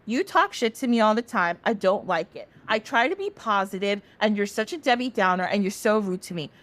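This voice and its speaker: A woman's voice: medium pitch, expressive, fairly quick, fairly bright tone, lightly acted. A woman voicing the sun as a cheerful, chatty young man in a retold myth. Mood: annoyed. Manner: bubbly, chatty. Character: upbeat cheerful male sun.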